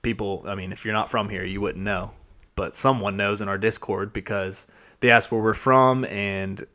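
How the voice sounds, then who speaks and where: A man from Georgia with a mild Southern accent, co-hosting a podcast and recapping an episode in an excitable, rambling chat. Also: lowish voice, normal speed. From Georgia, USA. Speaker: podcast co-host. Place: studio at a podcasting table.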